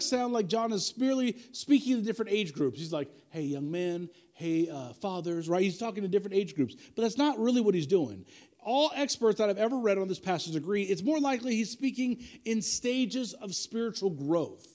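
A man in his forties preaching a sermon, talking casually, repeating himself for emphasis, and leading the prayer in a quieter voice. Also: high-pitched. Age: 40s. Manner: conversational preaching with repetition and asides. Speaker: pastor.

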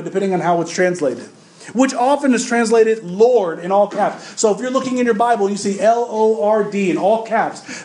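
High-voiced man preaching conversationally. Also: a little mellow, roomy sound. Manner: conversational, emphatic preaching with repetitions; addresses the congregation directly with questions. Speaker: pastor. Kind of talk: sermon.

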